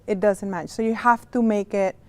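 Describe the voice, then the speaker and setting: A woman teaching a virtual class as a sign language interpreter, slow and clear, going through letters one by one and explaining with friendly examples and asides. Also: medium pitch, steady tone. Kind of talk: casual instructional talk. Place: home, on a video call. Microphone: video call.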